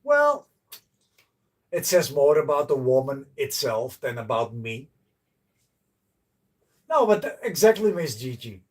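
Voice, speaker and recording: A man's voice: mid-range voice, very animated, unhurried, pauses often, distant mic. A man chatting to viewers on a casual livestream, blunt and joking, swearing freely. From Netherlands. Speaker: livestreaming host. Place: outdoors by a canal.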